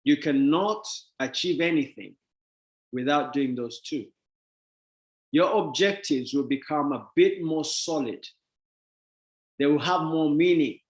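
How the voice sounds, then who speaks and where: A man giving a motivational talk to an audience, emphatic and repetitive, swinging between loud and soft. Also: fairly high pitch, measured pace, long pauses. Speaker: motivational speaker. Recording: echoey room.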